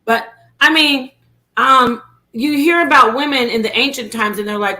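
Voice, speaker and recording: A woman from New York, a guest on a panel, talking in an animated, joking way. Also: sits high, normal speed, rough recording. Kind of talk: casual panel chat.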